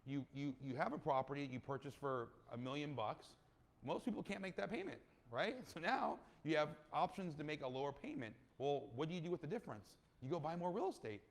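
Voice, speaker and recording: A man talking casually in an interview as a real estate investor, animated and storytelling, acting out quoted people and ending many sentences with "right?". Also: a little high, fairly quick, gravelly. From California.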